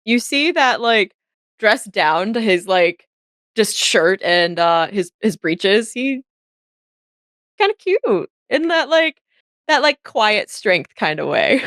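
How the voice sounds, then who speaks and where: A woman's voice: mid-range voice, sing-song, takes it slowly, a bit bright, no room sound, clean studio sound. Young woman narrating as game master. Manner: casual, filler-laden, giggly narration. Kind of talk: narrating a tabletop role-play.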